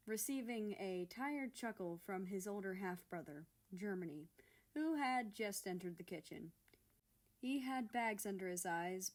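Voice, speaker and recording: A woman reading fan fiction aloud as narrator. She keeps a steady, even storytelling delivery, voicing the prose between the characters' lines. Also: on the low side.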